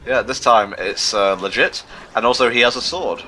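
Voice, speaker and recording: A man's voice: mid-range voice, normal speed, sharp tone, faint music behind. A man co-hosting a casual gaming livestream, chatty, reading viewer questions aloud and commenting on the game. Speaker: livestream co-host reading chat.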